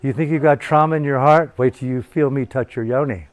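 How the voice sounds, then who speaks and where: A man's voice: medium pitch, brisk, a little hiss or hum, lightly acted. A man voicing a smarmy male tantric healer, talking in a leering, self-promoting way.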